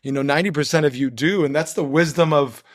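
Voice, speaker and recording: A man's voice: on the high side, quick pace, no room sound, clean studio sound. A man speaking as a guest on a podcast, talking in earnest, preachy run-on phrases. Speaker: guest, nonprofit co-founder. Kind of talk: conversational podcast interview.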